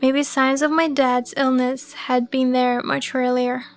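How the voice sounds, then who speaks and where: A woman narrating a first-person life story in an even, measured way. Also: high voice, faint music behind.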